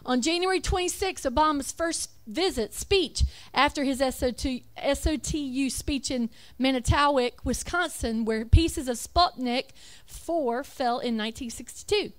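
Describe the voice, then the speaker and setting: A woman's voice: sits high, unhurried, hardly any pauses. A woman giving an emphatic religious talk over slides, with rhetorical questions and self-corrections. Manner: reads lists aloud, self-correcting. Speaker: religious speaker.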